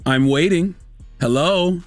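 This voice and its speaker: A man's voice: a little high, slow pace, no room sound, faint music behind. A man co-hosting a morning radio show, joking and bantering with callers in the studio. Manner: joking, bantering, self-deprecating. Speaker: radio co-host. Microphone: studio microphone.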